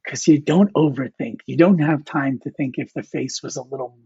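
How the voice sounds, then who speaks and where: A man's voice: medium pitch, moderate pace, gravelly, warm tone, breathy edge, no room sound. A man, a comic artist guest, talks casually in an interview and rambles with fillers and restarts. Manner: rambling, many fillers and restarts, quotes mentors. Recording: dull, slightly lo-fi dry sound.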